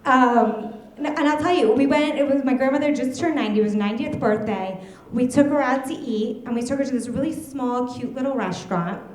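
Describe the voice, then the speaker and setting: Woman, 30s, stand-up comedian, higher voice, chatty storytelling, giggles at own jokes, roomy echoey club. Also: a little fast, a little hiss or hum.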